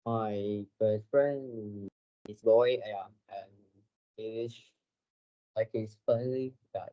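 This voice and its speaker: A teenage boy from Vietnam speaks slowly and haltingly, searching for his English words and leaning on fillers as he answers. The audio is dull and lo-fi, like a call recording. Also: fairly low pitch, steady tone. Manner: hesitant, halting, many fillers. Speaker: student.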